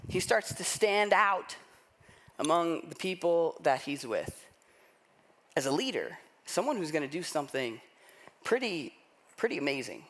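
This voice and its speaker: A man preaching a sermon, telling a story in a lively, conversational way and acting out the people he quotes. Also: fairly high pitch, measured pace, pauses often. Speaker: pastor.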